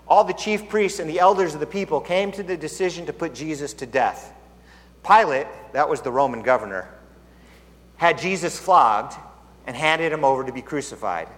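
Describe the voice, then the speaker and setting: A man preaching a sermon in an animated, conversational way, often asking rhetorical questions. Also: on the high side. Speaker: pastor. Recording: echoey hall.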